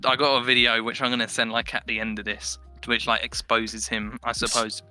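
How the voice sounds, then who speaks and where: Brief: young man on a headset, very bright voice, rambling animated storyteller. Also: mid-range voice, brisk, clean tone, faint music behind. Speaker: podcast guest. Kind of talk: casual chat.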